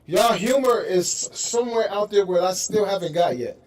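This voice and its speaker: A man's voice: high-pitched, lively intonation, moderate pace, darkish tone. A man hosting a radio show, chatting casually and animatedly with his guest, laughing and mimicking voices. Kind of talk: casual interview chat.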